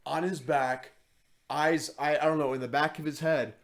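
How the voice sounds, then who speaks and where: A man co-hosting a podcast, telling a story in a casual, animated and profane way. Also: fairly high pitch. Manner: animated, profane, quick to act out others. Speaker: podcast co-host.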